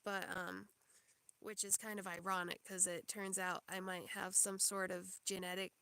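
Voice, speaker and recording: A woman's voice: medium pitch, flat delivery, normal speed, bright, forceful tone, clean tone, no room sound. A young woman hosting a livestream, chatting casually in a rambling way, full of fillers and small laughs. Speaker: livestream host. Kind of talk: casual chat.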